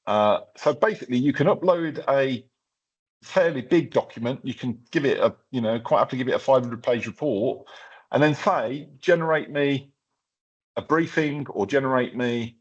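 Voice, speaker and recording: Slightly rough, medium-pitched and moderately paced, a man leads a hands-on workshop, talking loosely through a live tech demo and often using fillers and restarting. The sound quality is a bit dull and lo-fi.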